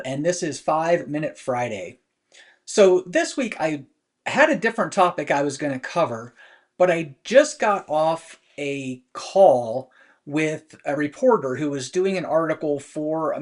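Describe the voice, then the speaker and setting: A man's voice: on the high side, expressive, unhurried. A man hosting a short weekly business show, talking casually and telling stories with plenty of fillers. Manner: conversational storytelling with many fillers. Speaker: host.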